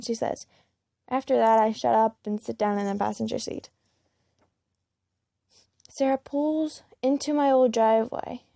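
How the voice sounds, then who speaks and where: A woman reads a first-person fan story aloud in a plain, unpolished way, with the odd slip and restart. Her voice is gravelly, mellow in tone and a little high. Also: steady tone, unhurried, long pauses, no room sound, clean studio sound. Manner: plain reading with small slips and restarts. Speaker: fan-fiction reader.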